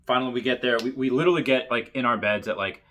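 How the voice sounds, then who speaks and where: A man's voice: mid-range voice, fast, a bit bright. Chatty man reading funny stories. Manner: chatty, laughs often at the stories. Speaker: military veteran storyteller.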